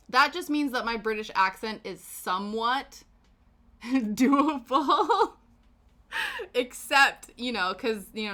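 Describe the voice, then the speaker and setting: Casual streamer woman from Canada, self-mocking and quick to laugh; lively pitch, crisp bright tone. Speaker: livestream host. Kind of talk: casual chat while knitting.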